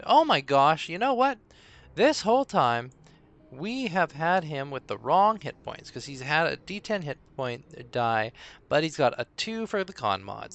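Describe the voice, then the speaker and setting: A man doing a live stream as dungeon master fills time before viewers arrive, rambling and muttering to himself between pauses. He has a medium-pitched voice with vocal fry and a fairly bright tone, heard through lo-fi sound.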